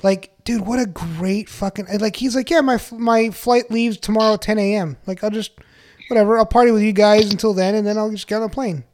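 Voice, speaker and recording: A man's voice: high voice, steady tone, brisk. A man telling a story in casual podcast chat, rambling with lots of fillers and swearing.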